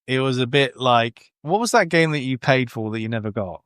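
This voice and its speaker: A man's voice: medium pitch, expressive, fairly quick, fairly bright tone, clean tone, no room sound, studio quality. A British man hosting a podcast in a casual, playful and jokey way. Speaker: podcast host. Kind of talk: casual chat.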